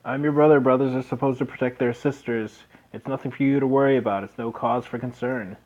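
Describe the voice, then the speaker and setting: A man voicing a protective young prince, speaking low, calm and firm. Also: brisk, muffled recording, natural voice.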